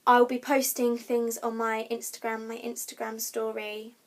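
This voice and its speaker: Young woman, casual vlog, slightly high pitch, chatty, lots of ums and restarts. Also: completely flat delivery, unhurried. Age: young adult. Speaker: vlogger.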